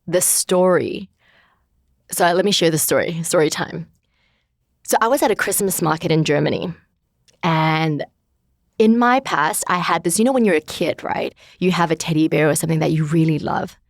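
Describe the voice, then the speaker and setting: A woman in her thirties with a lowish voice speaks at normal speed as an interview guest in a reflective personal conversation. She talks candidly and searchingly about her life with many filler words, recorded in clean studio sound with no echo.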